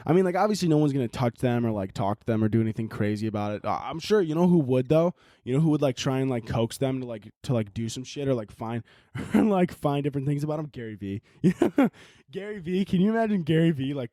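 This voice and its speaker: A man's voice: medium pitch, mellow, no echo, clean studio sound. A man hosting a comedy podcast, rambling through a profane, laughing monologue. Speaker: podcast host.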